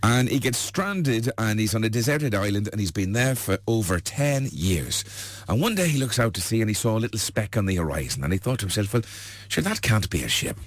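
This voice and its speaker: A man spinning long, rambling jokes he claims are true, with plenty of fillers along the way. His fairly low voice swings up and down animatedly, and the sound is close and dry. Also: very animated, fairly quick, no room sound. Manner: rambling, filler-heavy, chuckling. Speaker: joke teller. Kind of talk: telling jokes as true stories.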